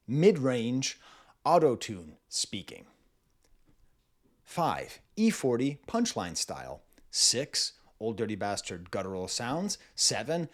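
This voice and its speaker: Animated man breaking down a rapper's voices. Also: mid-range voice, moderate pace. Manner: playful, demonstrates vocal styles, laughs often. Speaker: music reviewer. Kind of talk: casual music analysis.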